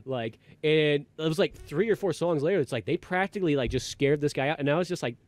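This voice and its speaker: A man's voice: fairly high pitch, fast talker, hardly any pauses, darkish tone, no room sound. A man hosting a podcast, telling a long casual story with plenty of fillers and restarts. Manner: rambling, heavy on fillers and restarts. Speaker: podcast host.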